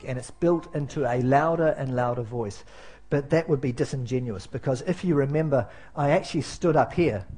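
Man, pastor, husky, slightly high voice, chatty sermon, lots of ums. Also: a little mellow. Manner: conversational, self-deprecating, many fillers and restarts. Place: church.

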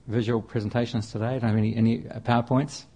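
A man giving a sermon in a relaxed, chatty way. His pitch sits in an ordinary middle range, and he often repeats words and restarts his sentences as he works through a passage. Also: fast, slightly rough, lo-fi sound. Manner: conversational, with frequent restarts and repetition. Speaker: preacher.

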